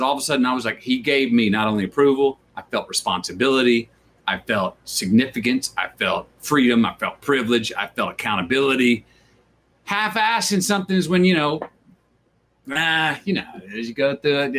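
A man's voice: mid-range voice, animated, moderate pace, a bit bright. A man, an actor as an interview guest, talking in a drawling, reflective way, repeating words and acting out the voices he quotes. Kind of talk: reflective conversational storytelling.

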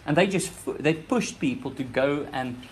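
A man's voice: on the high side, lively intonation, moderate pace, a little hiss or hum. A man with a South African accent preaching a sermon in church, earnest, often repeating words and restarting phrases as he presses his points. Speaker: pastor.

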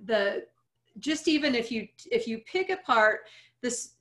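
A woman's voice: a little high, lively intonation, measured pace, fairly bright tone. Earnest middle-aged woman sharing advice. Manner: earnest, reflective, laughs lightly. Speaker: guest speaker. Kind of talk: interview conversation.

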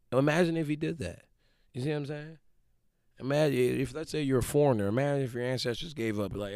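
A man in his twenties giving a casual motivational talk, slangy and animated, acting out quick quoted voices. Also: medium pitch, dry recording, studio quality. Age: 20s.

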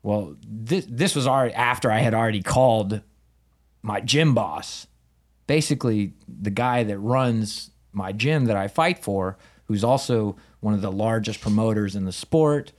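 A man in a relaxed podcast chat spins a story with real animation. He slips into the voices of the people he quotes and swears without a second thought. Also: on the low side, measured pace. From United States. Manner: animated, acts out quoted dialogue, swears casually. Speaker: podcast guest, Muay Thai fighter. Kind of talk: casual storytelling in conversation.

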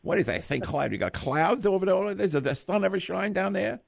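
Man doing a high, gravelly-voiced boxer impression, boastful, stammering. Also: animated, normal speed, no room sound, clean studio sound, exaggerated voice. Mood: mock-irritated. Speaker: radio host.

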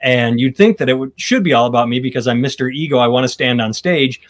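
A man's voice: medium pitch, fast, a little hiss or hum. A man and stand-up comedian, talking in casual chat with stammering restarts and rambling asides.

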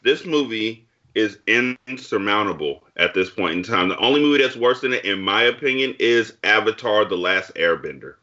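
A man's voice: on the low side, expressive, normal speed, few pauses, sharp tone, lo-fi sound. A man co-hosting a casual movie review chat, ranting bluntly with emphatic profanity. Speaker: podcast co-host.

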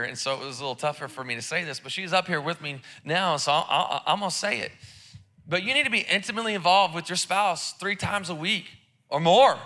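A man's voice: fairly high pitch, bright, forceful tone. A man preaching a sermon in church, casual and joking, with lots of repeated words and restarts. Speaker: pastor. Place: church service.

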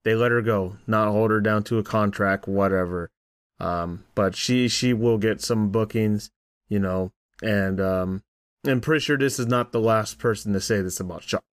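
A man co-hosting a podcast, talking casually in a lowish voice and pausing a lot with fillers. The sound is dry and close, with no room echo at all. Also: clean tone. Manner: hesitant, filler-laden talk. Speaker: podcast co-host. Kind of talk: casual chat.

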